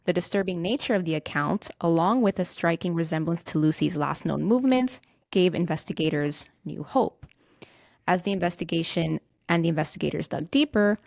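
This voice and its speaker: Gravelly low-voiced woman narrating true crime. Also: darkish tone, no echo, studio quality. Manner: reads from a script with small slips and restarts. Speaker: podcast host. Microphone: own mic on a remote call.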